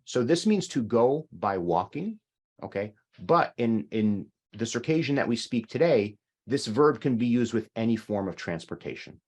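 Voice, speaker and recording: A man teaching an online language lesson, explaining slowly and repeating sounds for learners. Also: mid-range voice, lively intonation, darkish tone.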